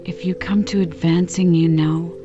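Woman reading a polite older bank clerk guy, kinda low voice, music playing. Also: steady tone, normal speed, highs cut off, natural voice. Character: mild, fussy older male banker.

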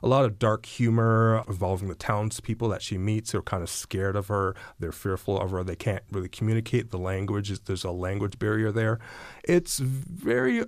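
A man's voice: lowish voice, lively intonation, normal speed, no echo. A man on radio discussing shortlisted novels with enthusiasm, explaining each book with some fillers. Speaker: books columnist.

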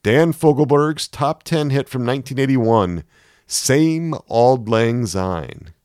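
A man's voice: medium pitch, animated, takes it slowly, a little mellow, no room sound, clean studio sound, pitched above the performer's own voice. A man voicing an upbeat male radio DJ announcing the next song in a punchy, announcer-like way.

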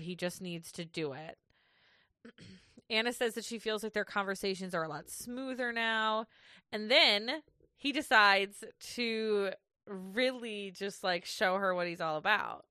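A woman's voice: mid-range voice, sharp tone, clean tone, dry recording, clean studio sound. A woman co-hosting a podcast, chatting casually through a recap and laughing easily as she reads from her notes. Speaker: podcast co-host.

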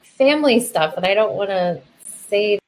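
A woman's voice: mid-range voice, lively intonation, normal speed, a little mellow, slight background noise, poor audio. Hesitant woman podcast co-host. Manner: hesitant, searching for words. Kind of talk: casual storytelling.

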